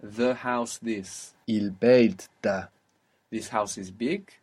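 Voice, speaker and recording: A patient male language teacher, guiding a student one phrase at a time. His voice is husky and a little breathy, and he explains sounds slowly and carefully. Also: on the low side, steady tone, a little mellow. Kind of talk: spoken language lesson.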